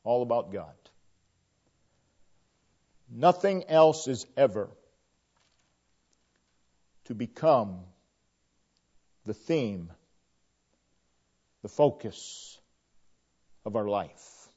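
A man preaching a sermon, slow and emphatic, his phrases often falling away to a quiet close. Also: mid-range voice, expressive. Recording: dull lo-fi recording.

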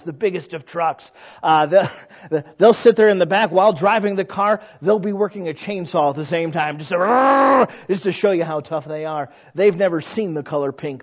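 A man in his thirties preaches with a fairly high voice, acting out the people in his stories. The recording sounds a little dull and lo-fi. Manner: animated storyteller who acts out quoted voices. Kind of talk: sermon.

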